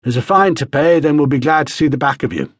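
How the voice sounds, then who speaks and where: A male narrator playing a grey-haired jail guard who talks gruffly and curtly. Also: fairly high pitch, fast, dry recording, voice pushed up, close to an everyday voice. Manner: gruff, dry and curt.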